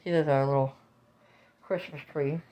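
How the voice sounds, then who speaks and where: In a casual home video shot on her phone, a woman narrates the view through a window, animatedly cooing and exclaiming to viewers she addresses as "guys." Her voice sits low, and she speaks at normal speed.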